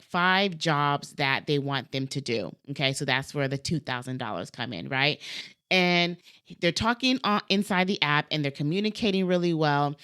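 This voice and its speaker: Lively lower-voiced woman telling a story. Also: clear, resonant tone. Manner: animated, acts out quoted dialogue, frequent "like" and "right?". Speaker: cleaning business coach. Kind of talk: casual storytelling to camera.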